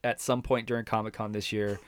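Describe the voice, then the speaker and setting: A man's voice: lowish voice, little pitch movement, a little fast, a crowd in the background. A man hosting a podcast from a small closet home studio, chatting casually, teasing his guests and swearing freely. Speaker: podcast host. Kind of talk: casual chat.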